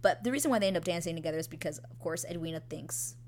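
A young woman giving a casual scene-by-scene recap of a TV episode, gushing, excitable and swearing freely. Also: lowish voice, rapid-fire, a little hiss or hum.

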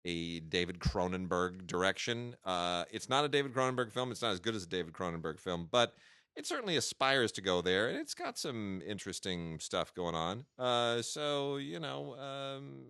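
A man's voice: lowish voice, big pitch swings, moderate pace, vocal fry, bright, forceful tone, clean tone, dry recording. A man co-hosting a podcast, casually reviewing films with wry, dry asides. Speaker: podcast co-host, film reviewer.

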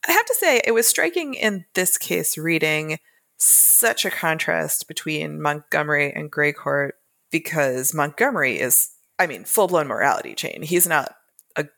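A woman's voice: low-pitched, expressive, moderate pace, vocal fry, bright, forceful tone. A woman co-hosting a romance book podcast, talking casually and thoughtfully, analyzing the books with occasional laughs. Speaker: podcast co-host.

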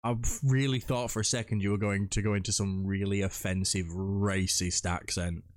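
A man's voice: sits low, flat delivery, normal speed. A man hosting a casual gaming podcast, joking around and swearing freely, talking through a blocked nose. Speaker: podcast host.

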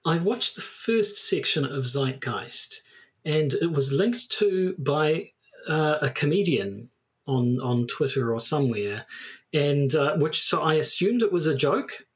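Husky-voiced male podcast co-host. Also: fairly high pitch, animated. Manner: measured, dry, with hesitant fillers. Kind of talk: casual chat, reading a paper aloud.

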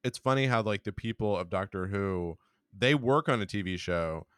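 A man's voice: on the low side, expressive, normal speed, a bit bright, smooth, no room sound, studio quality. A man co-hosting a podcast in casual chat, making playful joking asides.

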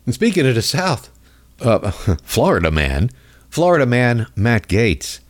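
A man's voice: medium pitch, very animated, moderate pace. A man hosting a comedic political rant in a mocking, rambling way. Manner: mocking, rambling, jumps into voices. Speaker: host.

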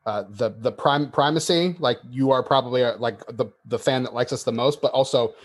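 A man's voice: mid-range voice, a little fast. A man hosting a casual podcast, chatty and friendly with his guest. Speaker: podcast host.

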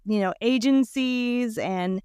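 A woman's voice: on the high side, slow, darkish tone, smooth, no room sound, clean studio sound. A woman co-hosting a podcast, chatty and giggly, with many fillers. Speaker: podcast co-host. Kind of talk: casual podcast chat.

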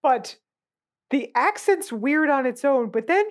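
Podcast co-host, woman, somewhat high voice, blunt and sarcastic, casual movie talk. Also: expressive, measured pace.

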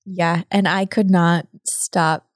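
A woman's voice: on the low side, fairly even intonation, slow, dry recording, studio quality. Giggly woman co-hosting a podcast. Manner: giggly, chatty. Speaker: podcast co-host. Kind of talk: casual podcast chat.

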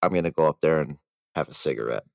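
A man playing his character in a tabletop role-play, calm and placating with hesitant restarts. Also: a bass voice, fast, creaky, no echo. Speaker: tabletop game player.

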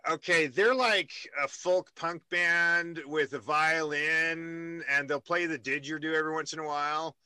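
A man's voice: fairly high pitch, fairly even intonation, normal speed, hardly any pauses, bright, forceful tone, clear, resonant tone, dry recording. A man hosting a casual interview, rambling and joking with many restarts. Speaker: radio host.

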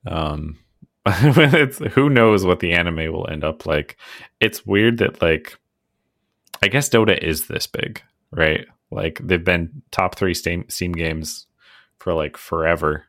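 A man co-hosting a podcast, talking in a loose, easygoing way with lots of ums and chuckles. His voice is deep and gravelly with plenty of fry, recorded close and dry. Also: takes it slowly, no echo. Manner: relaxed, chuckling, trails off with fillers. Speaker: podcast co-host. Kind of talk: casual chat.

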